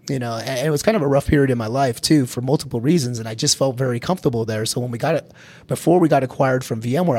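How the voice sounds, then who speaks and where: A middle-aged man from Colorado recounts his career in a relaxed interview. He talks in a lively, easygoing way, laughs often and repeats a word or two as he gets going. His voice sits at an ordinary pitch. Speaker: guest, security executive. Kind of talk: casual career storytelling.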